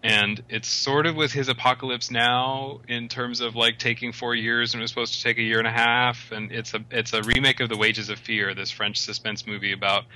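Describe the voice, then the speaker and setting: A man's voice: medium pitch, little pitch movement, brisk, hardly any pauses, sharp tone, poor audio. A man co-hosting a casual film podcast, wry and enthusiastic, joking at his own expense. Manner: wry, enthusiastic, self-mocking. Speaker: podcast co-host.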